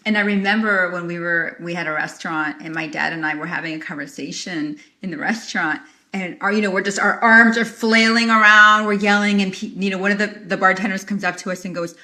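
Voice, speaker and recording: A woman's voice: mid-range voice, fairly even intonation, brisk, few pauses, pushed and bright. A woman psychologist co-hosting a podcast, telling stories expressively and laughing easily in casual chat.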